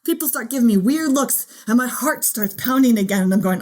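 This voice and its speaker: A woman giving a motivational keynote talk in a playful, animated way, acting out the voice in her head. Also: a little high, brisk, hardly any pauses. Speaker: keynote speaker.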